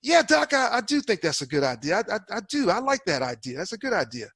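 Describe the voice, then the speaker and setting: A woman's voice: mid-range voice, very animated, fast, vocal fry, fairly bright tone, husky, dry recording, clean studio sound, voice pushed up, exaggerated voice. A man voicing a deferential middle-aged female patient who agrees with her doctor. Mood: agreeable.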